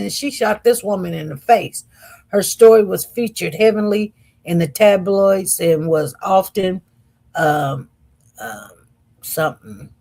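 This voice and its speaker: A woman hosts a casual livestream and reads viewer comments aloud. She talks slowly and wanders from point to point. Her manner is chatty, and she keeps turning to her audience as y'all. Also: mid-range voice, animated, vocal fry, dark tone. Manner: chatty, slow and meandering, addresses viewers as y'all. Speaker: livestream host.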